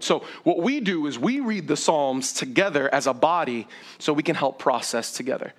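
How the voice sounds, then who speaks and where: A man's voice: fairly high pitch, fairly bright tone. A young adult man pastor giving a sermon, telling a personal story with many fillers and plenty of feeling. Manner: conversational, full of "like" fillers, emotional storytelling.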